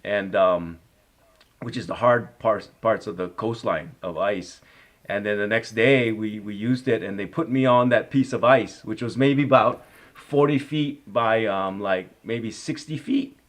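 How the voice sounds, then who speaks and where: A man in his fifties, an actor, telling stories in a casual interview; he rambles with lots of "you know" and "like" and grows animated as he relives them. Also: on the low side, unhurried. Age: 50s.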